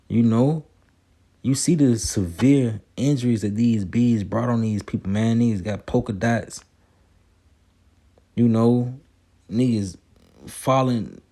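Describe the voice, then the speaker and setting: A man preaching a casual sermon over video clips, reading scripture slowly and ending his lines with "man". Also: medium pitch, creaky, warm tone. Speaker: street preacher.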